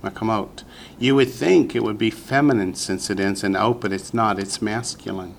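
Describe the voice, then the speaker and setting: A man teaching a Hebrew vocabulary lesson to a class, patient and slow, repeating each word for the students. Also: lowish voice, gravelly, a little hiss or hum.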